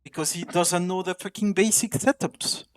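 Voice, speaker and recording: A man's voice: sits high, fairly even intonation, normal speed. A man streaming live gameplay, ranting angrily at his teammates with heavy swearing. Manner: complains loudly about teammates. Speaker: streamer playing a competitive shooter.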